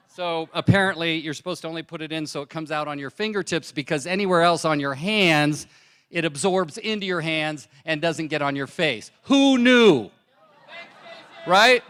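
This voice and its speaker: Man, stage testimonial, animated storyteller, smooth clear voice. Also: fairly high pitch. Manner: animated storyteller, acts out his wife's lines. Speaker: distributor sharing product testimonial. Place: large conference hall on stage. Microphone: handheld mic.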